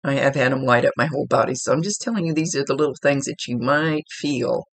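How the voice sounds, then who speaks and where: A man's voice: medium pitch, fast talker, gravelly, a bit bright. A man working as a psychic medium, talking casually and rambling as he relays messages aloud. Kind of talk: casual spirit reading.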